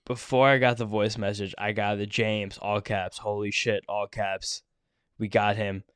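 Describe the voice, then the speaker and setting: A man co-hosting a sports podcast, excitable and profane, talking in quick bursts into a close mic. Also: on the low side, smooth, no room sound. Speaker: podcast co-host. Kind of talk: excited casual chat.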